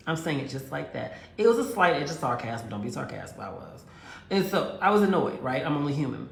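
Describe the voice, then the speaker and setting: A woman with a low, gravelly voice tells a story in a casual, direct way, calling her listeners girls and honey. She acts out both sides of an argument as she goes. The room adds a noticeable echo. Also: sing-song, brisk. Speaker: relationship advice speaker. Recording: roomy echo.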